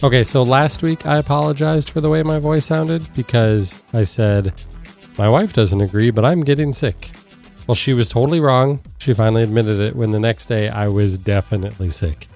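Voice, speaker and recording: A man's voice: medium pitch, normal speed, creaky, darkish tone, faint music behind. Man hosting a podcast, nasal from a cold. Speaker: podcast host and producer. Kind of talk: casual podcast chat.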